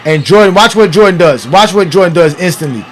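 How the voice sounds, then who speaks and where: A man hosting a casual watch-along, giving excitable, profane, trash-talking commentary on an old basketball game. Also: high voice, fast, a little hiss or hum. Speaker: podcast host.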